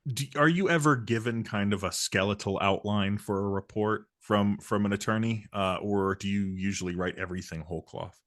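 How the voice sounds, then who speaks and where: A man's voice: fairly low pitch, steady tone, moderate pace, few pauses, a bit bright. A man hosting an interview, asking conversational questions and laughing along with his guest. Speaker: interview host.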